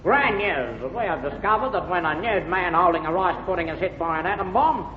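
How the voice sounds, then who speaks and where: A man's voice: high-pitched, expressive, brisk, dull audio, slight background noise. A man in 1950s radio comedy playing a flustered parliamentary Speaker who scolds and then announces grandly. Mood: blustering. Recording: echoey hall on old radio with audience.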